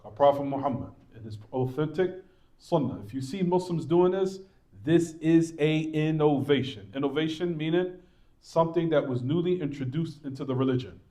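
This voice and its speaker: A man's voice: on the high side, darkish tone. A man teaching a religious class in a mosque, repeating points, reassuring his students and asking them rhetorical questions. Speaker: Islamic teacher.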